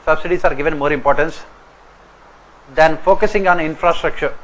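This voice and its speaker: Indian English male lecturer, slightly high, dictating exam points with deliberate repetition; dull lo-fi recording. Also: a bit bright. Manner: repeats each point slowly for note-taking. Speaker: exam coaching teacher.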